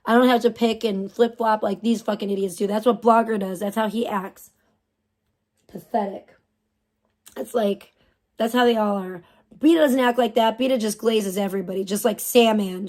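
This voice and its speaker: A woman's voice: medium pitch, a little mellow. A young adult woman hosting a livestream, ranting with heavy profanity and open scorn. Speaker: livestream host.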